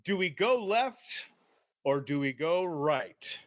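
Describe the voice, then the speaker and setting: A man's voice: a little high, expressive, slow, dry recording. A man co-hosting a podcast, reading a kids' adventure book aloud with playful, joking asides. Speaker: podcast co-host. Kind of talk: casual live book reading.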